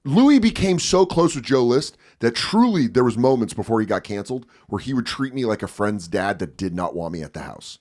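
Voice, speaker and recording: A man in his thirties, a comedian guest on a podcast, talking casually in a profane, animated way and acting out the people he quotes. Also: mid-range voice, fairly quick, hardly any pauses. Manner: profane, animated storyteller who acts out quotes.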